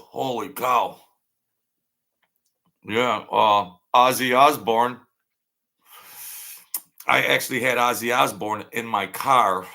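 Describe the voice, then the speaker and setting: A man's voice: on the low side, gravelly, pushed and bright. A man hosting a casual livestream, telling meandering stories that trail off and restart. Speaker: livestream host. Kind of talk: rambling casual storytelling.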